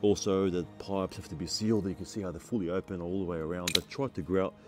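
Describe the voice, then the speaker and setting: A man's voice: low voice, fast, over music. A man touring a building site, pointing out defects in a blunt, exasperated, chatty way. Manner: blunt, exasperated, laughing at shoddy work. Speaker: building inspector. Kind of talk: walkthrough site inspection vlog.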